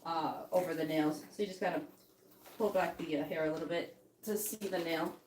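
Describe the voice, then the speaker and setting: A woman's voice: fairly even intonation, fairly quick. A chatty woman talks her viewers through a puppy-care routine. She sounds set back from the mic in an echoey room, with faint noise and puppies underneath. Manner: chatty, talks to the puppies in a high soothing coo. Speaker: dog breeder hosting a livestream. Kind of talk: casual livestream chat. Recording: roomy, from a distance, faint noise.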